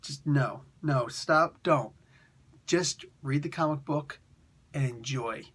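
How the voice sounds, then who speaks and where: A man's voice: mid-range voice, takes it slowly, fairly bright tone, breathy edge. A man casually reviewing a comic book in a laid-back, slangy, rambling way.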